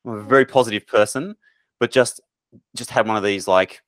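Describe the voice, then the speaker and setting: A man's voice: fairly low pitch, a little fast, a bit bright, no room sound. A man hosting a casual interview podcast, chatty and candid, swearing casually. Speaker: podcast host.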